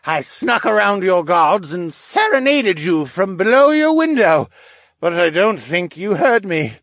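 A lovesick young scientist gushes in a shrill, loud voice that swings wildly. He is giddy and dramatic and sometimes almost shouting, recorded dry. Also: sing-song, measured pace, no room sound, heavily acted. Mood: gushing.

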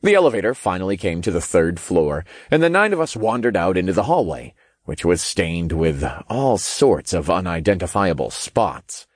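A man narrating an audiobook in the first person, with lively, expressive storytelling. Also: low voice, normal speed, no echo, studio quality.

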